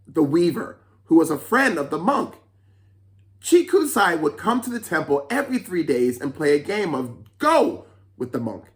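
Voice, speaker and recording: A children's storyteller reading a folk tale aloud, with chatty asides to young listeners. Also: mid-range voice.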